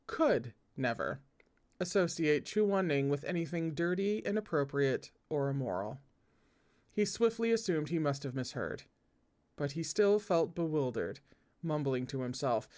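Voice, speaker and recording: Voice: mid-range voice, expressive, moderate pace. A host reads a novel aloud for listeners in an easy, conversational way. The narration moves steadily and is broken up by playful comments and reactions to the story. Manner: chatty asides, laughs at the text.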